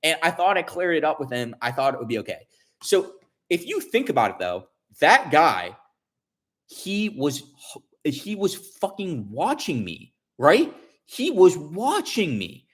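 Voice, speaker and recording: A man's voice: a little high, wildly swooping pitch, unhurried, slightly rough. A man vlogger telling a story in casual chat, rambling with many restarts and fillers, and swearing when upset.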